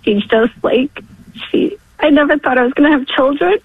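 A woman's voice: high voice, moderate pace, no room sound. A woman in her forties from New York calling in, emotional and tearful as she speaks. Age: 40s. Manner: emotional, tearful, breaking into laughs. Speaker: caller. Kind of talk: phone-in testimony. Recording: tinny dry phone line.

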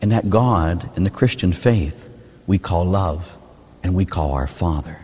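Male priest, lively preaching, husky voice, reverberant church hall. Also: low voice, a little slow. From United States. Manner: animated preaching, asks "huh?" often, swings between loud and hushed. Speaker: Catholic priest. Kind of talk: sermon.

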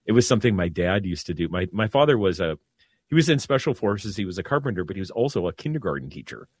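A man, a priest, co-hosting a radio talk show in casual chat, talking calmly and dropping his voice low to soothe. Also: fast, breathy edge.

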